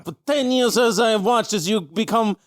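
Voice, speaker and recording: A man's voice: high-pitched, moderate pace, no echo, clean studio sound, close to an everyday voice. A man playing a pompous middle-aged male DMV instructor who speaks in grandly solemn proclamations.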